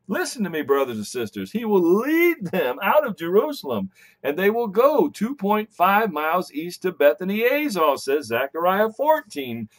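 Male Bible teacher with a high, lively voice, emphatic and animated. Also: normal speed. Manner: emphatic and animated, with frequent "all right". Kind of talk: recorded Bible lesson.

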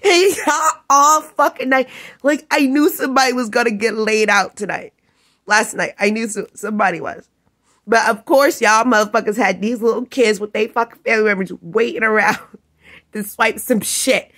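A woman's voice: a little high, moderate pace, fairly bright tone. A tired woman vlogging in a profane, scornful rant, breaking into laughs between jabs. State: tired, up all night. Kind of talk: profane ranting monologue.

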